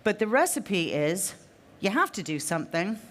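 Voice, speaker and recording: A woman's voice: medium pitch, big pitch swings, moderate pace, a little hiss or hum. A woman in her fifties giving a conference talk to a live audience, emphatic and fond of repeating her key phrases. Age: 50s. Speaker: speaker at a trade fair session.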